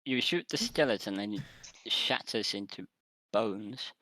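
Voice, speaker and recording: A man's voice: lowish voice, animated, measured pace, pushed and bright, a little hiss or hum, low-quality recording. A man narrating a tabletop role-playing game as game master, describing scenes and laughing often with his players.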